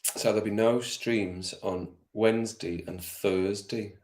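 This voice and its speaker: A man's voice: fairly low pitch, fairly even intonation, slow, darkish tone. A man hosting a casual football watch-along stream, chatting with viewers by name and laughing often. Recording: roomy echo.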